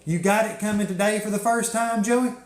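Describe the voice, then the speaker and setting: A young man with a drawl chats casually on a live stream, swearing freely and breaking into laughter as he spins a story. His voice sits a bit high for a man. The room behind him is echoey. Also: steady tone, fairly quick.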